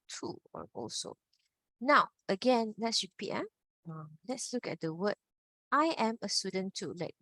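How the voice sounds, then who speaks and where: A woman's voice: mid-range voice, vocal fry, fairly bright tone, no room sound. A woman teacher, patiently explaining grammar over a video call and repeating key points. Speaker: Mandarin teacher. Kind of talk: online class teaching.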